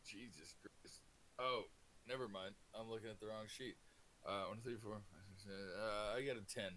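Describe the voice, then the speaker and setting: Male tabletop player, lowish voice, casual and a little hesitant. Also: steady tone, normal speed, bright, forceful tone, a little hiss or hum. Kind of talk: casual game talk.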